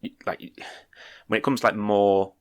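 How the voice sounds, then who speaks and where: A man's voice: lowish voice, little pitch movement, normal speed, clear, resonant tone. A man co-hosting a casual podcast chat, often stammering, repeating words and laughing between points. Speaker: podcast co-host. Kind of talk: casual chat about a film.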